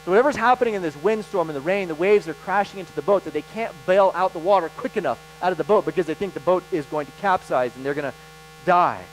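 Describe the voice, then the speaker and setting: A man preaching a sermon as pastor, animated and emphatic, with dramatic pauses. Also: high-pitched, faint music behind, rough recording.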